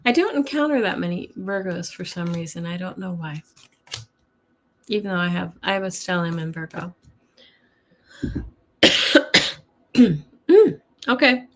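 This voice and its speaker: A woman's voice: on the low side, animated, unhurried, long pauses. A woman reads weekly tarot on a live stream from her home. Her talk is chatty and friendly, broken up by frequent laughs. She turns to greet viewers by name as the reading goes along. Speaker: tarot reader. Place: home with a cat nearby.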